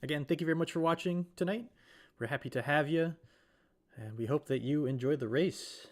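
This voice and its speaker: A man's voice: fairly high pitch, fairly quick. Man commentating a sim race with a cold. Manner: rambling, self-correcting, with many fillers. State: recovering from a cold. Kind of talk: live stream race commentary.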